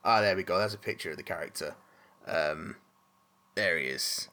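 A man's voice: low-pitched, moderate pace, bright, forceful tone. A man hosting a casual chat, rambling with restarts and casual swearing.

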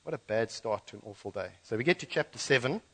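Man preaching an animated sermon. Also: mid-range voice, fast, slightly rough, rough recording. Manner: animated storytelling, voices the Bible characters. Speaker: pastor. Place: church.

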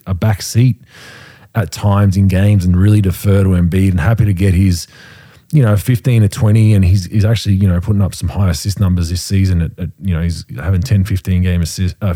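Low warm aussie guy hosting a hoops podcast, dry close mic, laid back. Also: no echo. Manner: relaxed, rambling, apologetic asides. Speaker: podcast co-host. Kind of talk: casual sports podcast chat.

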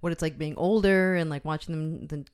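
A woman's voice: deep voice, steady tone, a little fast, smooth. A woman co-hosting a film podcast, chatting casually with a dry humor. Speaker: podcast co-host. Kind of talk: casual film review chat.

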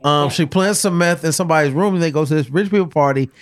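Higher-voiced man telling a rambling story. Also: fast. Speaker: podcast co-host. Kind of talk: casual chat.

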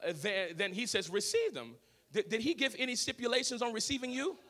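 A man preaching a sermon as pastor of a church, swinging from shouted lines to low, quiet talk. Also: animated, fast, a little hiss or hum. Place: church sanctuary.

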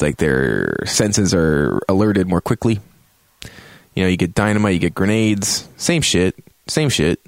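A man hosting a show, giving a casual, profane, joking review of a video game. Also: no echo. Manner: profane, joking, acts out reactions in a high yelp.

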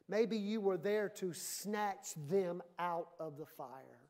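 A woman's voice: medium pitch, slow, darkish tone. Emphatic woman pastor preaching a sermon. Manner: emphatic, conversational preaching that acts out quoted voices.

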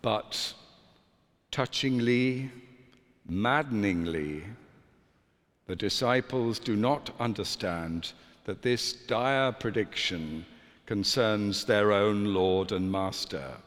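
A man, a priest, preaching a sermon in a measured, deliberate way with dramatic pauses. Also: lowish voice, fairly bright tone. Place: church. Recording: long church reverb.

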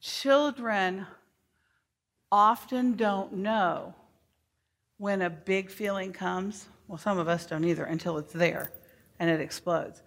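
A middle-aged woman giving a workshop to teachers, speaking deliberately and modeling phrases for the audience to repeat. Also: medium pitch. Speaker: early childhood educator giving a workshop.

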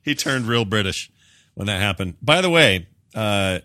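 A man's voice: on the low side, measured pace, no room sound, clean studio sound. A man co-hosting a casual movie review chat, opinionated and rambling. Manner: opinionated, rambling, animated riffs. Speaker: podcast co-host.

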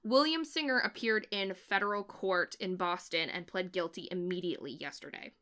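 A woman's voice: lowish voice, normal speed, sharp tone, clear, resonant tone. A woman co-hosting a podcast, telling a story in a chatty, sarcastic way and laughing often. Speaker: podcast co-host. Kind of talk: casual chat.

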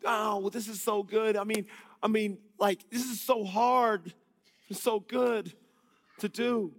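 A man preaching a sermon in a conversational, joking way, swinging between loud and hushed delivery. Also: high voice, steady tone, slow pace, big-room sound.

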